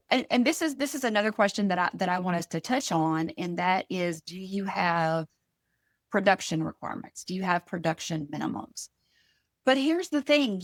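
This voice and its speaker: A woman with a Southern US accent on a panel, talking in a chatty, animated and teasing way. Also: medium pitch, no echo, studio quality. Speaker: co-host. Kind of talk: casual panel talk.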